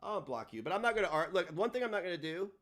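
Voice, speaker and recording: A man hosting a livestream, ranting in a combative, profane way, his delivery swinging between loud and soft. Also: high-pitched, rapid-fire. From United States. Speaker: livestream host.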